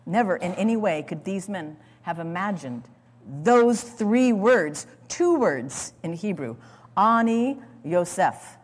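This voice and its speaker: A woman teaching a sermon on scripture, dramatic and expressive, acting out the lines she quotes and calling for the next slide. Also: mid-range voice, husky. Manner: speaks to an audience, calls for slides. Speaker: Bible teacher. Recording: long hall reverb.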